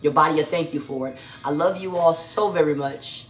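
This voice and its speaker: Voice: medium pitch, brisk. A home cook hosting a live vegan cooking stream from a kitchen, chatting effusively with viewers while tasting food, sometimes with a full mouth. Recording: echoey kitchen with faint music.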